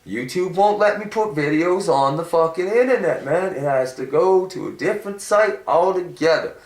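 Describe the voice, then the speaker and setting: A man's voice: fairly high pitch, lively intonation, normal speed, pitched above the performer's own voice, natural voice. A man putting on the voice of a griping friend, whining and swearing in an indignant tone. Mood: complaining. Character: man, a griping fellow show regular. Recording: echoey room.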